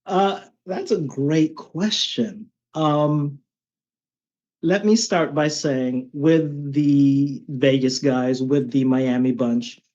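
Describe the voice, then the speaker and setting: A man's voice: fairly high pitch, drawn-out words, darkish tone, lo-fi sound. A man telling stories as a podcast guest, chatty and casual, often tagging his sentences with "right?". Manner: chatty, with frequent "um" and "right?" tags. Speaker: martial arts instructor, guest. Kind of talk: conversational storytelling.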